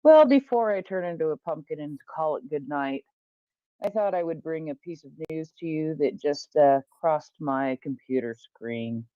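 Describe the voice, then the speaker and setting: A man casually passing on a news item in an online audio chat, with wry, unhurried delivery. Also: on the high side, expressive, no echo. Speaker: Twitter Space participant. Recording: muffled dry online call audio.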